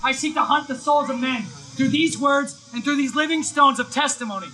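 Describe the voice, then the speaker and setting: High-voiced, very bright male preacher, excitable live storyteller. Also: moderate pace, a little hiss or hum, low-quality recording. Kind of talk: energetic live sermon with storytelling. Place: live event, outdoors or hall.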